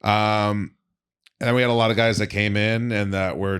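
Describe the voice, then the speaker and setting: A man's voice: on the low side, flat delivery, moderate pace, a bit bright, clean tone. A man, a comedian guest on a podcast, telling rambling anecdotes full of restarts and swearing. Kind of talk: casual podcast storytelling.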